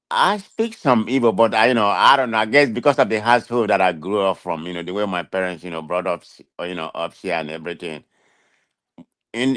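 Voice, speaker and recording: A man's voice: on the low side, a bit bright, no room sound, clean studio sound. A man with a thick Nigerian accent, defending himself emphatically in a casual talk show chat, often restarting his sentences. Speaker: guest.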